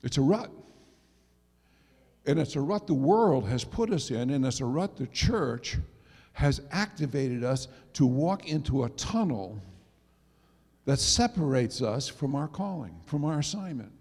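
A middle-aged male pastor preaching a sermon, dropping to soft asides and rising to loud emphasis. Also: mid-range voice, animated, unhurried. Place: church sanctuary. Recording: long reverb of a church hall.

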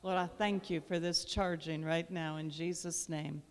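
Slow, fervent woman minister praying. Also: on the low side, steady tone. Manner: fervent, repetitive emphatic phrasing. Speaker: guest minister. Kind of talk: prayer and sermon. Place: church sanctuary. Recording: long reverb of a large church hall.

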